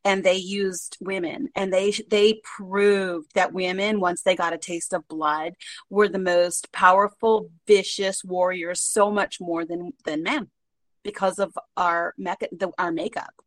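A woman's voice: fairly low pitch, fairly even intonation, a little slow, no echo. A woman talk show guest who rambles and searches for her words. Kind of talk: casual talk show discussion.

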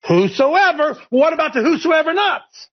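Fiery high-voiced man preaching scripture. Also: expressive, moderate pace, husky, lo-fi sound. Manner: emphatic, shouts scripture, rhetorical questions. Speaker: host leading a Bible discussion. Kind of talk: fiery preaching-style Bible talk.

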